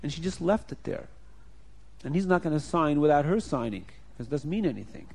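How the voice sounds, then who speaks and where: A man telling a moral story to children, animated, acting out scenes and putting questions to his listeners. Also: on the high side, moderate pace, gravelly.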